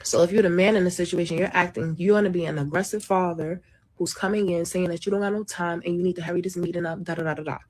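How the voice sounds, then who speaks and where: A woman's voice: on the low side, steady tone, fast, a little mellow. Brash, profane woman telling a story. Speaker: social media content creator. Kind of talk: storytime monologue.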